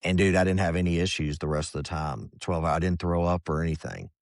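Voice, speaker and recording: A man's voice: sits low, fast talker, dry recording, studio quality. A middle-aged man and former Army Ranger, guest on a podcast, telling his story casually and at length, often slipping into quoted voices. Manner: relaxed, rambling, drops into quoted inner voices. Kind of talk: candid conversational storytelling.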